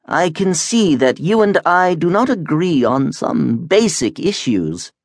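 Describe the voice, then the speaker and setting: A male narrator voicing the wub, a large, courteous, good-natured alien creature with a mild, unhurried way of speaking. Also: fairly high pitch, very animated, no room sound, clean studio sound, voice pushed up, exaggerated voice.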